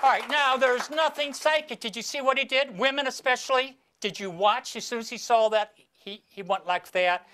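An older man performing a magic routine for an audience, instructing his volunteers in a chatty, gently teasing way. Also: extremely high pitch, normal speed, hardly any pauses. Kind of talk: archival stage performance with patter.

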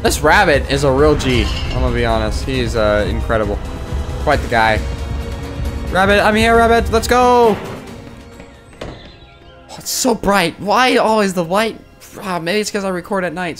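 A man doing let's play commentary, joking, talking to the game's characters and breaking into sudden loud yelps. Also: mid-range voice. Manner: joking, talks to the game characters. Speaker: gaming YouTuber.

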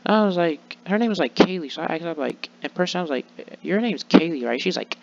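A man's voice: on the high side, animated, a little fast, vocal fry, hardly any pauses, muffled recording, slight background noise. A young man rambling sulkily in a vlog, full of restarts and fillers. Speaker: vlogger. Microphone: laptop mic.

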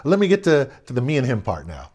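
A man's voice: medium pitch, wildly swooping pitch, quick pace, a little mellow, breathy edge. A middle-aged man from Southern California telling a childhood story in a casual, rambling way, correcting himself and chuckling as he goes. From Southern California, USA. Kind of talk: casual spoken anecdote.

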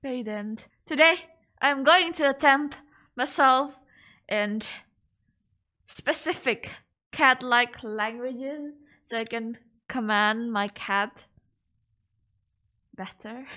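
A woman's voice: a little high, takes it slowly, long pauses, bright, forceful tone. A young woman vlogging casually, playfully pleading with her cat and mimicking its meows. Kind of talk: casual vlog talking to her pet cat.

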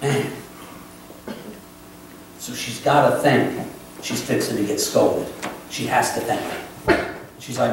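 Impassioned preacher, echoey church. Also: male voice, mid-range voice, fairly even intonation, takes it slowly, pauses often, a little hiss or hum. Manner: impassioned, swinging between loud pleas and hushed confessions. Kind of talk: emotional sermon. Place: church sanctuary. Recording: echoey church from a distant mic.

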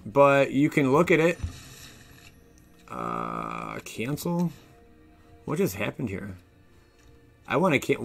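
A man streaming a card game live, chatting with viewers in an excitable, jokey way. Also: medium pitch. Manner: excitable, jokey, talks to chat. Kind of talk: casual live stream commentary.

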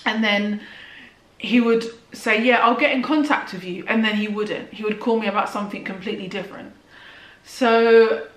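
A young woman telling a personal story about her father in a halting, emotional way, full of "like" and restarts. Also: medium pitch, fairly bright tone, far from the mic. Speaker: vlogger. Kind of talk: personal testimony, casual talk to camera. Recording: roomy and off-mic.

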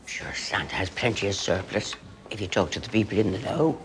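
An actress playing an older Northern Irish grandmother, teasing and sharp-tongued. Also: extremely low pitch, expressive, fairly quick, noisy background. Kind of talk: film drama.

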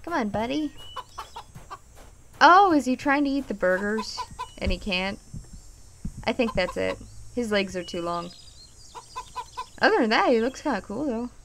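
Young woman, gaming commentator, bright lively voice, slow easy delivery, faint hiss. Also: on the high side. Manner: excitable, swears, laughs, yelps at scares. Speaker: gaming YouTuber. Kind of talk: casual game commentary.

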